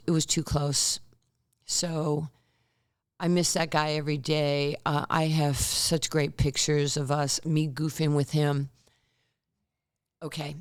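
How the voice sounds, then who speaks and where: A woman's voice: deep voice, smooth. A woman in her sixties, a former basketball player, telling stories as a podcast guest and acting out the quotes. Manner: animated storyteller who acts out quotes. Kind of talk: storytelling in a podcast interview.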